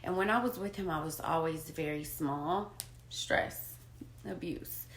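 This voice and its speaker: A woman telling a raw personal story in a candid, unpolished way, swinging between hushed and loud. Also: low-pitched, unhurried, echoey room, slight background noise. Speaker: storyteller sharing her own experience.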